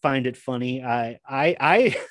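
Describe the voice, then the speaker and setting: A man's voice: mid-range voice, measured pace, fairly bright tone, no room sound. Rambling male podcast guest, dry sound. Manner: rambling storytelling, many fillers. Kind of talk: casual chat.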